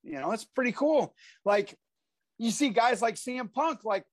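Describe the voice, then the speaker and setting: High-voiced man telling animated stories. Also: normal speed, no echo. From Iowa, USA. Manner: animated storyteller who acts out voices. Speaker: podcast guest, former pro wrestler. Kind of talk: casual interview storytelling.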